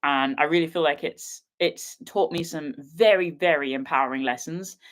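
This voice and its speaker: A woman's voice: deep voice, moderate pace. Giggly, rambling young British woman. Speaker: wildlife filmmaker and vlogger. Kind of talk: casual livestream chat.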